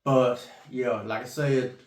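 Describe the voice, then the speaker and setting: Talking slowly in a mid-range voice with fairly even intonation, this middle-aged man vlogs about investing in a rambling, repetitive, folksy way, swearing now and then. He's tired from rising at 3 a.m., and the audio sounds roomy as he speaks to camera.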